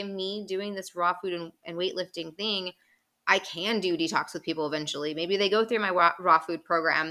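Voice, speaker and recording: A woman talks to camera from her home office at a quick clip, words tumbling out. Her voice is bright and a bit sharp. She sounds chatty and excited, with plenty of fillers, and keeps addressing her viewers directly. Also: mid-range voice. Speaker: vlogger. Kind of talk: casual chat to camera.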